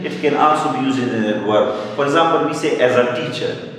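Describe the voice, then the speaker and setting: A male English teacher giving a grammar lecture, explaining slowly and repeating key words, with brief Hindi glosses. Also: medium pitch, a bit bright, slight background noise. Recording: echoey hall, mic far off.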